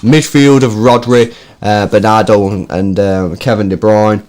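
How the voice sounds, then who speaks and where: A man hosting a fan phone-in show, chatting in a relaxed way. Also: on the low side, a little slow. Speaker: host. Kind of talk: casual phone-in chat.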